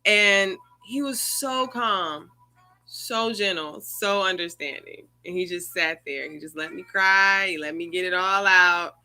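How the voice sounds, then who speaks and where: A woman's voice: lowish voice, unhurried, sharp tone. A woman hosting an online circle, telling a personal story in an earnest, conversational way over a video call. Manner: earnest, conversational, rising emotion. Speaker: circle host.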